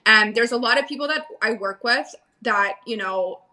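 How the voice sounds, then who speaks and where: Woman, podcast guest, high bright voice, chatty, lots of fillers, laughs easily, casual swearing. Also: moderate pace. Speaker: podcast guest, coaching client. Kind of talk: casual candid conversation.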